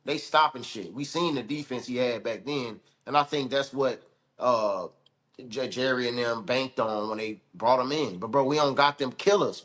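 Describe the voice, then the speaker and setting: A man co-hosting a casual sports debate, heated and profane, talking in quick bursts. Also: mid-range voice, fairly bright tone. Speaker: sports podcast co-host.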